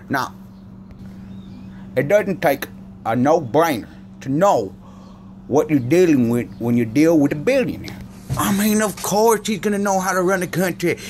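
A man's voice: a little high, a little hiss or hum. A man delivering a rambling, profane comedic rant, repeating himself as he goes. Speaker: comedic vlogger.

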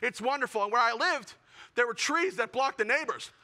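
A young man performing a self-deprecating stand-up comedy set with animated storytelling. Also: very high-pitched, fairly quick. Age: young adult.

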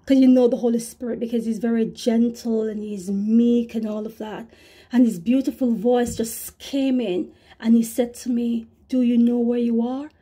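Female preacher, earnest and repetitive, slightly high, husky voice. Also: fairly even intonation, normal speed, warm tone. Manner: earnest, repetitive, addresses "brothers and sisters". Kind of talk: testimony sermon.

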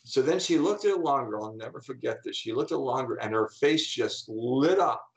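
A middle-aged man, a coach and speaker, telling animated anecdotes in an interview and acting out the people he quotes. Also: medium pitch, fairly quick, low-quality recording. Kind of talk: storytelling in an interview.

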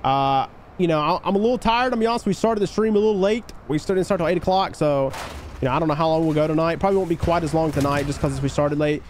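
A man live-streaming a game, chatting casually with his viewers and hyping up shout-outs to chat. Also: slight background noise. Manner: hyped shout-outs to chat, voice jumping high on greetings; laid-back, easygoing talk between shout-outs.

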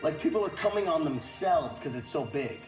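A man's voice: a little high, sing-song, fairly quick. A drunk man telling a comic story in a rambling, profane way. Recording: roomy, dull playback with music.

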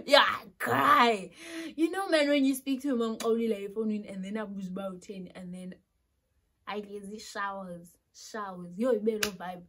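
A young South African woman with a South African accent telling a personal story in an animated, casual way. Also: medium pitch, moderate pace. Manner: animated storytelling, switching between Xhosa and English. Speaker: YouTuber.

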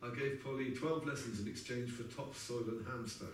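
A man's voice: mid-range voice, normal speed, recorded from a distance, slight background noise. A man in his sixties telling wry, chatty stories on stage between songs and laughing at his own tales. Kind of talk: anecdotal storytelling between songs. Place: live music venue. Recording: echoey live venue recorded from afar, guitar in the mix.

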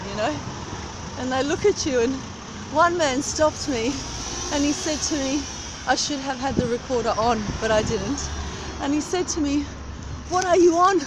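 A middle-aged woman chatting casually while she walks outdoors in the cold, rambling from one thought to the next as she films on her phone. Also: high-pitched. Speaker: vlogger. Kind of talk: casual chat. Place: outdoors on a street at early morning. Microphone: phone camera held while walking. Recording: street traffic noise behind.

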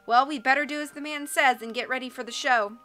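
Woman reading as a gentle contortionist woman in a storybook, sympathetic and bright. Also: high-pitched, fast, faint music behind.

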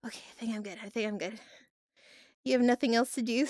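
A woman's voice: fairly high pitch, fairly even intonation, fast, long pauses, darkish tone, no echo, studio quality. A woman streaming live from her home office, chatting bubbly and giggly while reading and answering her chat.

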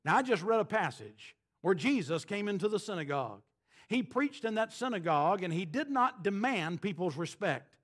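High-voiced preaching man. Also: big pitch swings, a bit bright. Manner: emphatic, preaching with dramatic pauses and quoted scripture. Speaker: pastor. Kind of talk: sermon.

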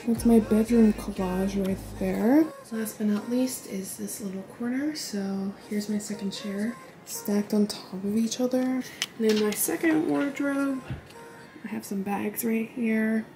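College girl doing a chatty dorm room tour, kinda high voice, music playing behind. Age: early 20s. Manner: chatty, lots of "like", says she is winded. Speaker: college student vlogger. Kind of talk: casual dorm tour vlog.

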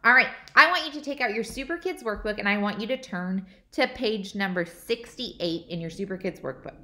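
A woman's voice: mid-range voice, animated, a little fast, pushed and bright. A woman teacher giving a phonics lesson to young children, patiently repeating each word and answering her own questions.

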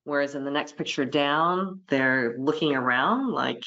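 A woman veterinarian giving a webinar lecture, lively, who voices the animals' thoughts in quick quoted asides. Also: sits low, lo-fi sound.

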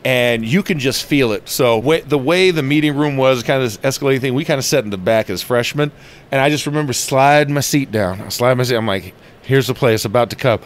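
A man's voice: mid-range voice, fairly quick. A man in an interview, telling stories animatedly and acting out quotes in a raised voice, inside a stadium. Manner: animated storyteller, acts out quotes loudly. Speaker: interview guest, former football player. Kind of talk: storytelling interview.

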